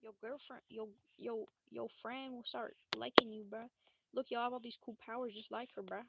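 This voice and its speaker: A sly cat creature , as a woman puts it on, coaxes in slangy, tempting tones. The voice is a bit raised and gravelly. A loud hiss runs under the whole recording. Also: fairly high pitch, fairly even intonation, normal speed, recorded from a distance. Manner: slangy, tempting, keeps saying bruh. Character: sly talking cat creature offering a cursed necklace.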